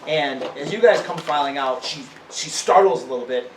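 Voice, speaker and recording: A man narrating as game master in a casual, halting way. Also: a little high, a little hiss or hum. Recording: echoey room, mic at a distance.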